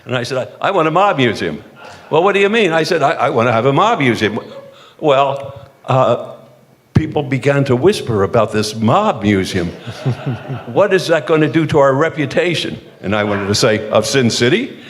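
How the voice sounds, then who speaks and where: Older man from the eastern US, retired politician type spinning wry self-mocking anecdotes, mid-pitched voice, long hall reverb. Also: animated, normal speed. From eastern United States. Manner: self-deprecating and jokey, with frequent restarts and chuckles. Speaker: former mayor, panel speaker. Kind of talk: humorous anecdotal storytelling on a panel.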